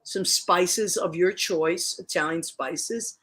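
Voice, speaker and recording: A middle-aged woman hosts a casual online chat show, chatting warmly about her cooking in a fairly low, husky voice at a slow pace. She laughs easily and restarts often.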